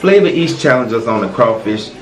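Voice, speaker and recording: A man's voice: medium pitch, lively intonation, fairly quick. A man co-hosting a food-eating video, joking and teasing in casual chat. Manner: playful, teasing. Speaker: mukbang co-host. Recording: roomy sound, mic set far off.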